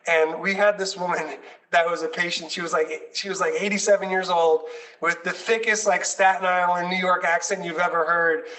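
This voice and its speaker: A man's voice: sits high, little pitch movement, moderate pace, sharp tone, far from the mic, rough recording. A man leading a nonprofit, telling stories with enthusiasm and many fillers in a conversational chat. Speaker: nonprofit leader.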